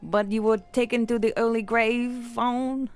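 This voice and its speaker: A woman's voice: on the high side, steady tone, a little slow, faint music behind, pitched above the performer's own voice, lightly acted. A woman putting on a mock-solemn man's voice with an attempted Cajun accent, delivering a sing-song rhyming eulogy.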